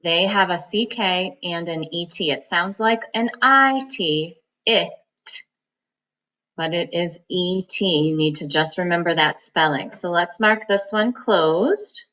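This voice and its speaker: A woman reading teacher giving a phonics lesson, slowly breaking words into syllables and sounds in a patient, encouraging manner. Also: fairly low pitch, bright, forceful tone, rough recording.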